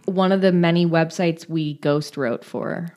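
A woman co-hosting a podcast in casual chat, reacting with quick questions and dry asides. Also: deep voice, fairly even intonation, a little mellow. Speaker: podcast co-host.

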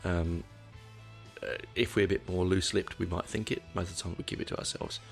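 A man's voice: deep voice, steady tone, a little fast, creaky, soft background music. A middle-aged man hosting a casual solo podcast, rambling and candid, correcting himself often, with dry asides. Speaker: podcast host.

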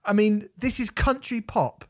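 A man's voice: high-pitched, steady tone, measured pace. A man, ranting and swearing as a podcast co-host in a casual album review.

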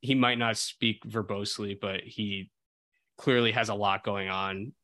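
Bright-voiced hesitant male podcaster. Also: lowish voice, fairly even intonation, unhurried, no echo. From New Jersey. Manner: hesitant, often restarts and repeats words. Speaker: podcast co-host. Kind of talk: casual film discussion.

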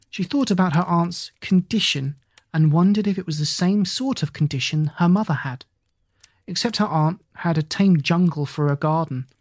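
Dry, measured audiobook narrator. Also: medium pitch, no echo. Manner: measured and even storytelling.

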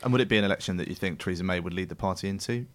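Fast-talking deep-voiced male interviewer. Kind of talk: political interview.

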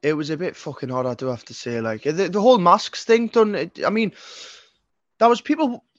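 A Geordie man in his twenties from North East England, a singer-songwriter, chats as a guest in a casual interview, rambling and swearing with frequent restarts. His voice is high-pitched and a little fast. The recording is dry, with the highs cut off.

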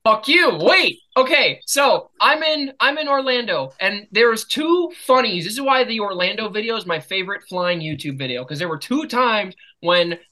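A man's voice: sits high, lively intonation, normal speed, hardly any pauses, sharp tone, rough recording. An American man hosting a podcast in casual chat, telling stories with lots of swearing and laughter. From United States. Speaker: podcast host.

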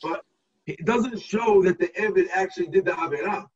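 Over a video call, a rabbi guides his students through a text step by step, making sure everyone keeps up. His voice is high and husky, delivered at a normal speed, and the audio sounds distant and muffled.

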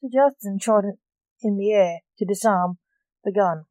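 A woman reading a story aloud with steady, expressive narration. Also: medium pitch, normal speed, dry recording, low-quality recording.

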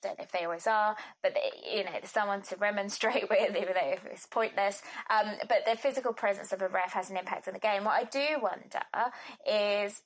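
A woman chats about football in a relaxed, conversational way. She laughs easily and often restarts her sentences as she thinks aloud. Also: mid-range voice, a little fast. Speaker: co-host discussing football. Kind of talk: casual chat.

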